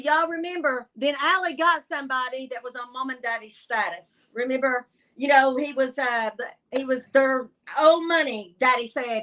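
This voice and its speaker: Tennessee woman, Southern accent, sassy folksy guest reader, high and forceful. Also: low-quality recording. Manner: animated folksy retelling, blunt and sassy. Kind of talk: live-stream storytelling.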